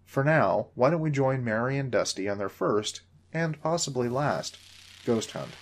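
A man's voice: mid-range voice, lively intonation, moderate pace. A man in his forties hosting a story podcast, reading the narration in a dry, wry manner.

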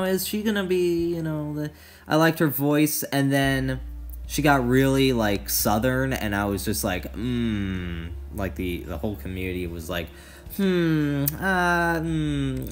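A young man casually ranking cartoon characters in a rambling, filler-heavy way, often losing track of names. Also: on the low side. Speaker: tier list vlogger.

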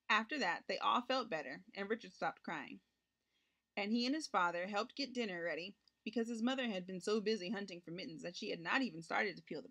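A woman reading a children's picture book aloud, narrating gently and lifting her voice for the characters' lines. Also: medium pitch. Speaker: storybook reader.

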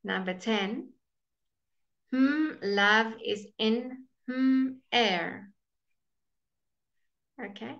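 Unhurried female teacher walking a class through grammar answers, muffled stream sound. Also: a little high, creaky, fairly bright tone. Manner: slow, patient, explaining with repeated "okay?" checks. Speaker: English teacher. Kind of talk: live online grammar lesson.

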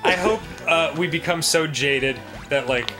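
A man's voice: on the high side, measured pace. A man co-hosting a comedic let's play in playful, jokey banter, with music playing underneath. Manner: playful, jokey, slips into silly voices. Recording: background music under the talk.

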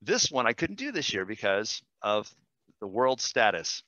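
A man, a language teacher, demonstrating software in a webinar, enthusiastic and quick, with fillers and self-corrections. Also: on the low side, big pitch swings, no echo, dull audio. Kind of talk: screen-share webinar demo.

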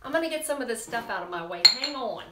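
A woman's voice: on the high side, animated, fast talker, reverberant, very noisy. A woman hosting a live cooking demonstration, chatty and bubbly as she talks straight to her viewers in a kitchen. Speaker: cooking show host.

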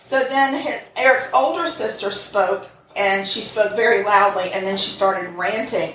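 A woman's voice: medium pitch, steady tone, normal speed, few pauses, a bit bright. A woman co-hosting a podcast, telling a true crime story in casual chat, reading quotes aloud with sarcastic asides. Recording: echoey room, mic at a distance, faint noise.

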